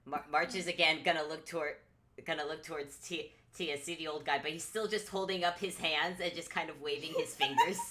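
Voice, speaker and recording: A woman's voice: low-pitched, fairly even intonation, a little fast, sharp tone. A woman player in a tabletop game, describing what her character does in the third person.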